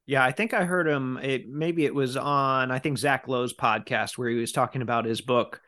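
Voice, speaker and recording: A man's voice: medium pitch, normal speed. Guy hosting a podcast, laid-back, reading out listener questions. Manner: relaxed, reads listener questions aloud. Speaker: podcast host. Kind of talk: casual podcast chat.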